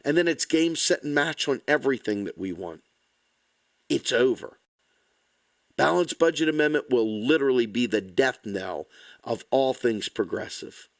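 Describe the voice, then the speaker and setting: A man's voice: medium pitch, animated, moderate pace, creaky, dry recording. A man delivering an impassioned, angry, blunt political rant to the camera, swearing freely. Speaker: political commentator.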